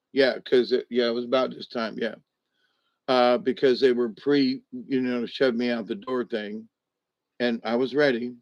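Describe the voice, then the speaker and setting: A man's voice: mid-range voice, no echo. A man recovering at home, lying in a rest position and a little wired on steroids, giving a casual, rambling, upbeat video update full of restarts. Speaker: vlogger. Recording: dull, lo-fi, dry sound.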